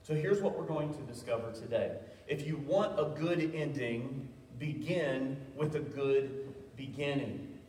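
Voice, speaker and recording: A pastor with a mid-range, slightly mellow voice speaks a little slowly during a sermon, sharing stories with self-deprecating humor and frequent stammered restarts. The echoey church hall makes him sound distant, and there is a little hiss or hum.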